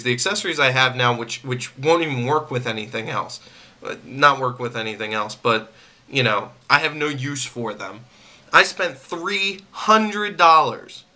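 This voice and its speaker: Man, angry, very bright voice, repetitive, stumbles and restarts, vlog rant. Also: fairly high pitch. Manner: irritated, repetitive, stammering restarts. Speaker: vlogger. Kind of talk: venting straight to camera.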